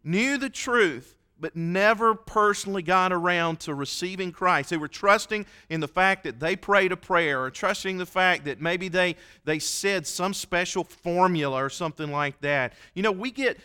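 A preacher delivering a sermon in a church, his bright, tense voice sitting a little high for a man. He tells stories in an earnest, folksy way, warm with the congregation. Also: smooth. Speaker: pastor.

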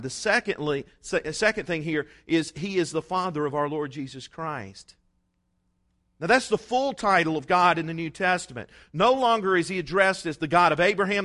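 A male pastor preaching a sermon, emphatic, with dramatic pauses and acted-out quotes. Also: fairly high pitch, bright, forceful tone.

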